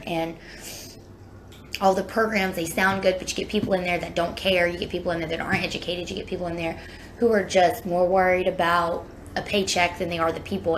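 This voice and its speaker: A woman's voice: lowish voice, a bit bright, a little hiss or hum. A woman speaking straight to camera about life after prison, blunt and impassioned, plain-spoken and cursing now and then. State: near tears. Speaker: former prisoner sharing her story. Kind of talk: casual direct-to-camera video.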